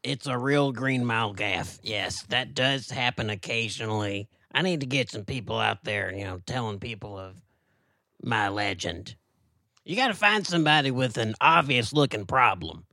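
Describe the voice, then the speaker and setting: Guy doing a folksy possum character, rambling drawl, lively ups and downs, bright dry sound. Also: mid-range voice, normal speed, no room sound. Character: folksy rural male possum character, Mister Possum. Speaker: co-host. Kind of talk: comedy podcast character banter.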